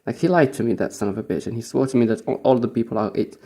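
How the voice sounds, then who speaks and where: A young man from Morocco rambles through a casual spoken-diary monologue about his days as a teacher. His voice is gravelly and dark, and he swears freely and chuckles as he talks. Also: medium pitch, racing. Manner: rambling, profane, chuckling storyteller.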